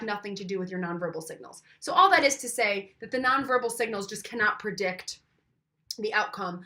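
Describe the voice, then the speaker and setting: A woman lecturing in a loose, chatty way, her voice bright and forward. She talks straight to the listener, tossing in questions and showing off voice changes as she goes. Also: medium pitch. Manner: conversational, asks the listener questions, demonstrates voice changes. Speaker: instructor. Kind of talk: recorded lecture.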